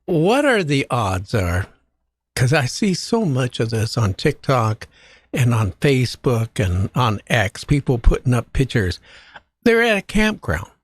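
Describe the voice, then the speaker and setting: A show host with a husky voice asks questions in a conversational way, his pitch rising and falling a lot. The recording is dry and close. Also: big pitch swings, a little slow, dry recording. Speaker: late-night show host. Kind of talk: casual interview talk.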